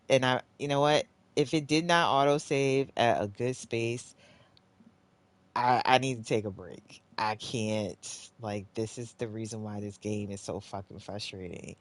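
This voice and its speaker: A medium-pitched voice at a measured pace and fairly even intonation, recorded with no echo, belongs to a live streamer narrating gameplay to themself. They swear often when frustrated, sigh and groan between lines, and alternate between quiet muttering and loud exclaiming.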